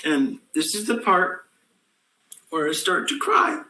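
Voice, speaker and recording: A man's voice: high voice, big pitch swings, takes it slowly, pushed and bright, a little hiss or hum, heavily acted. A young man playing a sulky, reluctant teen boy in a comic stage monologue, grudging and mumbling. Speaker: student actor. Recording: echoey room from far off.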